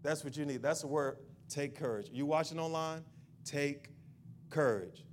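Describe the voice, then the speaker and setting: A man's voice: a little high, fairly even intonation, a little fast, a little hiss or hum. A male pastor preaching a sermon in a church. He repeats his point insistently and builds into a fervent prayer.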